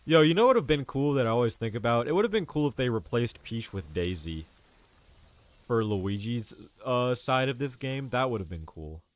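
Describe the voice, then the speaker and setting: An animated young streamer swears casually while playing a video game, keeping up chatty commentary, saying "bro" constantly and laughing often. He speaks at normal speed in a mid-range voice, with faint game music in the background.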